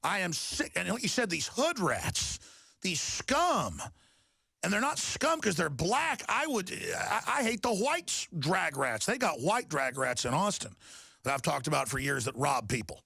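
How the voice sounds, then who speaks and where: A middle-aged man rants on his talk radio show, his voice gravelly and forceful. He speaks a little high for a man and swells toward shouting as he pushes each point. The recording is dry and close. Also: unhurried, dry recording. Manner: impassioned, rising to shouting then calming. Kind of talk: ranting talk radio monologue.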